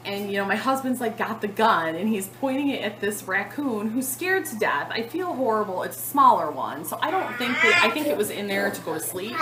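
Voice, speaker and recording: A woman in her thirties telling a long story to the camera in a casual vlog, chatty and animated, with lots of fillers. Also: mid-range voice, fairly quick, hardly any pauses, roomy sound, heavy background noise. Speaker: cross-stitch vlogger.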